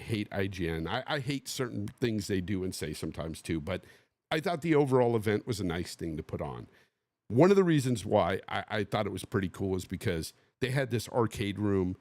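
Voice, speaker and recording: Animated man telling a story on a podcast. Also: on the low side, no room sound. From Bay Area, USA. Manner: animated, acts out quotes of others. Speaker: podcast host.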